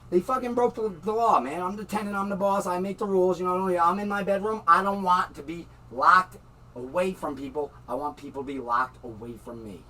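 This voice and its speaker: A man's voice: sits high, a little fast, pushed and bright, far from the mic, a little hiss or hum, poor audio. A man in a heated, swearing rant about his landlord, recorded in his bedroom. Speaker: tenant in a dispute. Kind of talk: angry rant to camera. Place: bedroom at home.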